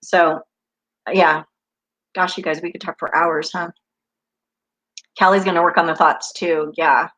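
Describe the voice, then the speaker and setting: A woman's voice: lowish voice, fairly even intonation, measured pace, long pauses, fairly bright tone, low-quality recording. A woman in her fifties from the United States, hosting a live stream as an intuitive coach, talking casually with viewers and wandering off on spiritual tangents. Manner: chatty, tangent-prone, spiritual.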